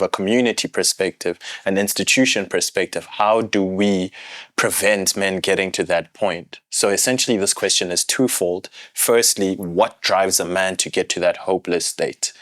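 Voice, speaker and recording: Host, deep voice, dry close sound, measured questioning. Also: male voice, fairly bright tone, dry recording. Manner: measured, frequent back-channel hums. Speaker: podcast host. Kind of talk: podcast interview.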